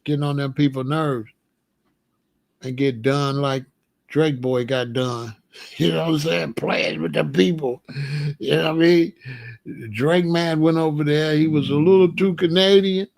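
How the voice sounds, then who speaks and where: A man's voice: a little high, steady tone, unhurried, gravelly, darkish tone, no echo. A man from Chicago hosting a casual commentary monologue, talking in loose slang, laughing often and repeating his points. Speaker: commentary channel host.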